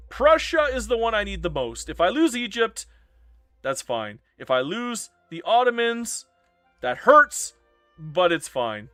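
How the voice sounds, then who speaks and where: A man's voice: on the high side, sharp tone, no echo. A man streaming live gameplay commentary, dramatic and self-mocking, swearing freely. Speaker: game streamer.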